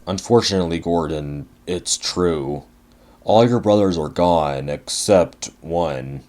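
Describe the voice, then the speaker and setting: A man doing a calm, authoritative railway boss. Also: deep voice, slow pace, voice pushed down. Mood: reassuring. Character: kindly, authoritative male railway controller.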